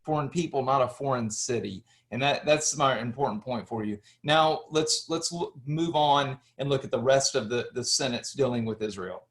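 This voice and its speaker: A man at an ordinary pitch gives a history lecture, pointing through slides step by step. He poses questions and then answers them himself. His speech is full of restarts and filler words. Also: normal speed, hardly any pauses. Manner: explanatory, asks and answers his own questions, many restarts.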